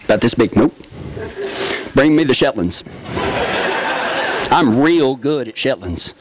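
A middle-aged man giving a humorous storytelling talk from a stage, folksy and quick to laugh. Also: mid-range voice, background noise. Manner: folksy, animated, laughs often. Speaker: stage speaker.

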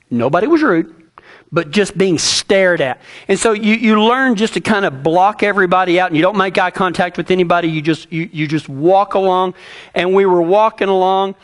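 A man's voice: sits high, fairly bright tone. A middle-aged man, preaching a sermon and telling a personal story in a folksy way, with many restarts.

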